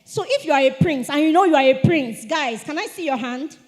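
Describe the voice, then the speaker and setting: A woman giving a lively etiquette talk to teenagers at a church retreat, calling on the audience to answer. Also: high-pitched, a little fast. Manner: animated, asks the audience to respond. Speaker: speaker at a teen church retreat. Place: church hall. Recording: long hall reverb.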